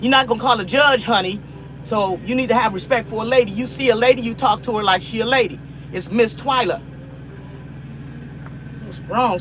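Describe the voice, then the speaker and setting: Talking to her viewers during a cooking live stream, this middle-aged woman from the US sounds emphatic, repetitive and preachy. Her voice is a little high, with noise in the background.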